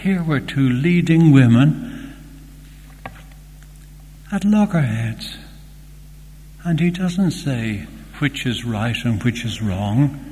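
An older man preaching a sermon in a church, earnest and slow, with fond asides. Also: mid-range voice, expressive, dark tone. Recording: long hall reverb, faint hum.

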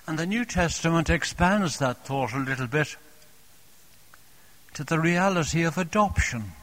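A man preaching a sermon, speaking gently and tenderly, repeating phrases softly and addressing the congregation as dear friends. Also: a little high, lively intonation, unhurried.

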